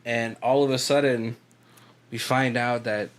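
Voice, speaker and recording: A male podcast co-host chatting casually about a film. He rambles through the plot, breaks into laughs and drops the odd curse. His voice sits at an ordinary middle pitch. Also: steady tone, unhurried. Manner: rambling, laughs often, swears, puts on voices for quotes. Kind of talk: casual movie commentary chat.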